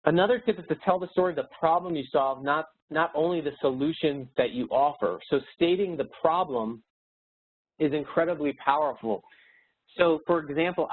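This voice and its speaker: Male webinar speaker, mid-pitched, earnest upbeat coaching delivery; narrow lo-fi audio. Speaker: speaker and educator. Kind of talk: motivational webinar presentation. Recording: tinny phone-like webinar audio.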